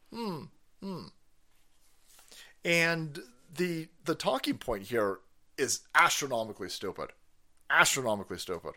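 Give me a male streamer doing a sarcastic, profane rant with a very lively, up-and-down pitch. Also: unhurried. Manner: sarcastic, mocking, swings into loud outbursts. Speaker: livestream commentator.

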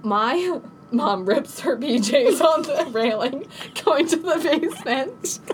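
A woman co-hosting a podcast, telling a story in casual chat, animated and laughing, acting out quotes in a high panicked voice. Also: takes it slowly, slight background noise. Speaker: podcast co-host.

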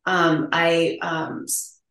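Middle-aged female guest, low register, earnest explainer, echoey room. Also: monotone, very slow, fairly bright tone. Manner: earnest, explanatory, many ums. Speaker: nurse practitioner guest. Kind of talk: conversational interview.

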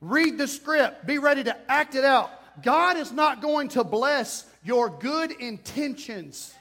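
High-voiced preacher acting out scenes. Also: male voice, a little slow, hardly any pauses. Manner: animated, acts out voices and scenes. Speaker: pastor. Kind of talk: sermon.

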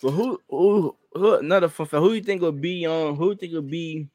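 A man co-hosting a podcast in relaxed casual chat, laid-back with easy laughter. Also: fairly high pitch, fairly quick. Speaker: podcast co-host.

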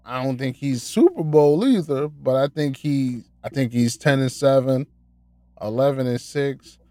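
A man's voice: medium pitch, unhurried, warm tone, no room sound. Male podcast host, casual sports banter, profane and jokey, dry close sound. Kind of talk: casual chat.

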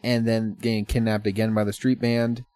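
A man's voice: on the low side, little pitch movement, moderate pace, a little mellow, no echo. Rambling man, close and dry. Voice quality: swearing, rambling, laughs often. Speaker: podcast co-host. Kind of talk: casual chat.

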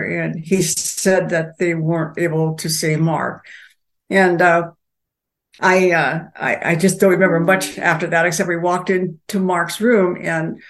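An older woman telling a personal story as a guest, halting, with many pauses and restarts. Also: fairly low pitch, gravelly.

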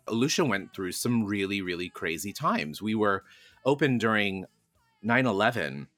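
A man with a bright, forceful voice telling a frank personal story, animated and quick to curse. The recording is close and dry, with faint music underneath. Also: on the low side, dry recording. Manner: frank, animated, swears casually. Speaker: podcast guest.

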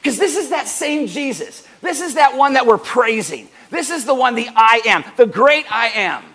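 Lively, high-voiced preaching man. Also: normal speed. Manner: animated, swings up and down in pitch and loudness; jokey, acts out doorstep conversations in little voices. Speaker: pastor. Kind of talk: sermon. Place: church service.

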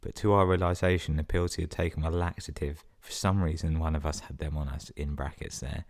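Man, podcast host, very low voice, sarcastic, swears a lot, reads out listener emails. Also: steady tone, a little fast. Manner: sweary, sarcastic running commentary. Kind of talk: reading listener emails with comic asides.

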